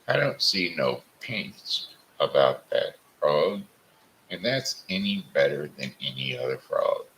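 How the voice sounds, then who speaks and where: A man's voice: extremely low pitch, sing-song, slow pace, fairly bright tone, slight background noise, exaggerated voice, rough recording. A man doing a shrewd, doubtful stranger. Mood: skeptical. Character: shrewd wandering stranger man, slow and deliberate.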